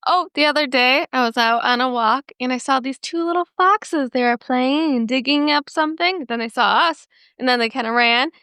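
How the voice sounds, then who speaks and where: A woman co-hosts a casual podcast, rambling easily through anecdotes with plenty of fillers. Her voice is bright, smooth and a touch high. The recording is close and dry. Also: moderate pace, hardly any pauses, dry recording. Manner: easygoing, rambling with many fillers. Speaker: podcast co-host. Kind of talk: casual chat.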